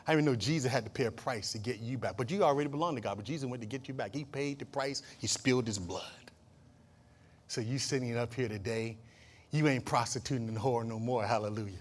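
In a church, a male pastor with a mid-range voice preaches fast, slipping into quiet asides before rising to shouted emphasis. He mixes in jokes and call-and-response with the congregation.

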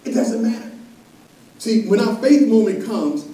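High mellow-voiced preacher guy, call and response, big echoey church, mic kinda far. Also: unhurried. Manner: call-and-response preaching, rising to loud emphatic peaks. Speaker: pastor. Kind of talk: sermon. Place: church sanctuary.

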